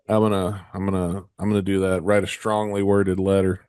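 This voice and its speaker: A man's voice: low voice, darkish tone, smooth, no room sound, clean studio sound. A man hosting a rock podcast while sick with a cold, swearing and stammering through casual stories. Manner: profane storytelling, stammering restarts. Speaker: podcast co-host. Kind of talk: casual rowdy chat.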